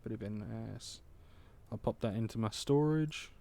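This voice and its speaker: A man's voice: lowish voice, moderate pace, vocal fry, mellow. A man in his late twenties chatting and muttering to himself while streaming a game, with casual swearing. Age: late 20s. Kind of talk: casual gaming livestream commentary.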